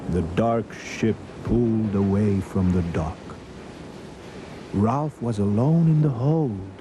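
A man reading a children's storybook aloud, expressive with dramatic pauses. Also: on the low side, noisy background. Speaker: narrator.

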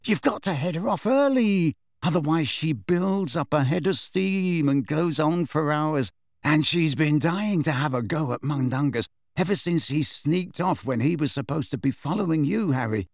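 A man's voice: a little high, animated, normal speed, no room sound, studio quality, voice pushed up. A man voicing a wry, knowing teenage boy who explains things with a touch of mischief.

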